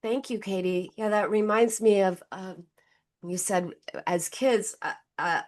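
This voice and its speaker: A woman's voice: mid-range voice, fairly even intonation, a little slow. A middle-aged woman, a therapist who is the guest expert, tells stories in a conversational way and acts out the people in them, heard over a video call. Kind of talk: conversational storytelling.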